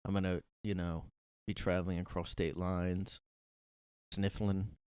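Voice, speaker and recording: A man's voice: low-pitched, little pitch movement, measured pace, darkish tone, clear, resonant tone, no echo, clean studio sound. A man hosting a solo comedy podcast from his room, ranting in a rambling, profane, sarcastic way. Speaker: podcast host.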